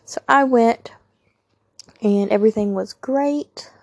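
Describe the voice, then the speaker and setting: A woman's voice: fairly high pitch, takes it slowly, vocal fry, no room sound, muffled recording. A young woman, candidly telling a personal story on her podcast with emphatic asides to listeners. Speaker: podcast host.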